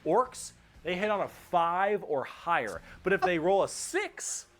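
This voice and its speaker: A man streaming live who is a bit sick, explaining things in an excitable, rambling way and swearing freely. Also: sits high, a little slow. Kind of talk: casual livestream explainer.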